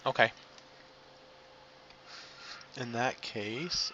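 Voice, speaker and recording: A man who narrates as game master of a tabletop game, in a halting, descriptive way with fillers. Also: medium pitch, muffled recording, noisy background.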